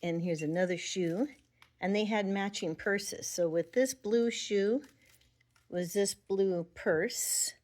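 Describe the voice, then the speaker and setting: Speaking slowly in a mid-range, slightly mellow voice, a middle-aged Avon representative thinks aloud as she fondly presents the ornaments on her Christmas tree in a casual home vlog.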